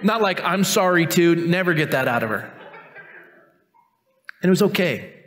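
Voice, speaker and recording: A man's voice: on the high side, sing-song, moderate pace, a bit bright. A male pastor in his fifties preaching a sermon in a conversational, self-mocking way, telling a personal story and acting out the people in it. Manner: conversational, self-mocking, acts out quoted voices. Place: church sanctuary.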